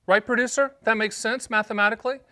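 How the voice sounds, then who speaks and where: Bright, energetic male agent from North Carolina. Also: high-pitched, fast, no echo, studio quality. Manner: energetic, joking, emphatic salesman banter. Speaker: annuity agent and show host. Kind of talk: casual direct-to-camera explainer.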